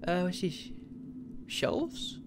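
A man's voice: very slow, background noise. A young man casually commenting on a game he plays, swearing a lot and joking about himself. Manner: profane, self-deprecating, jokey. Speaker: let's play gamer.

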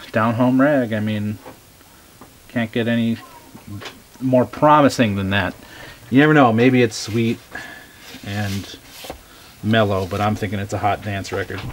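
A man chatting casually as he shows off his record finds, relaxed and eager, with many ums. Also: fairly low pitch, slight background noise. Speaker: record collector showing finds. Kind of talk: casual show-and-tell vlog.

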